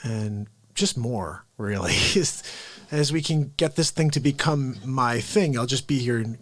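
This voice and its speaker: A man hosting a live stream, chatting upbeat and greeting viewers by name, sometimes dropping to soft, low asides. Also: a little slow. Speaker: livestream host. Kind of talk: casual live-stream chat.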